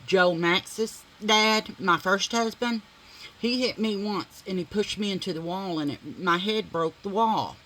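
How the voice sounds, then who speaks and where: A woman's voice: mid-range voice, measured pace, fairly bright tone, low-quality recording. A middle-aged woman vlogger telling a dramatic story while doing her makeup, blunt and full of swearing.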